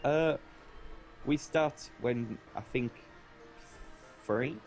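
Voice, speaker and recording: Slow-talking laid-back man. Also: mid-range voice, darkish tone, soft background music. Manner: laid-back, laughs often. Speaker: co-host on a game stream. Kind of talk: casual game-stream chat.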